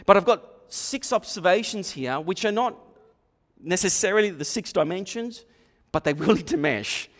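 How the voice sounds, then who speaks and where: A male preacher delivering a sermon with a somewhat high voice, animated and repetitive, acting out the voices he quotes. His words ring out with a long reverb from a large hall. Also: normal speed. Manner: animated, repeats himself, acts out quoted voices.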